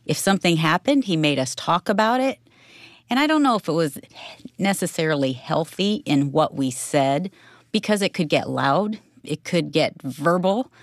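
Woman co-host, low voice that swoops a lot, dry close sound. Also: moderate pace, no room sound. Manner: lively, expressive storyteller. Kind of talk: storytelling in conversation.

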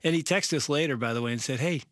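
Animated middle-aged male storyteller. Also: fairly high pitch, fast talker, no room sound, studio quality. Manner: animated storyteller, acts out quotes. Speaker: pastor and co-host. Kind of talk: storytelling in a casual chat.

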